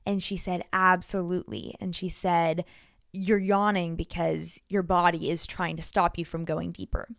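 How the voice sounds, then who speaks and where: Woman, podcast host, candid personal storytelling, expressive delivery, dry close sound. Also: lowish voice, creaky, dry recording. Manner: earnest and expressive, with quick shifts in loudness.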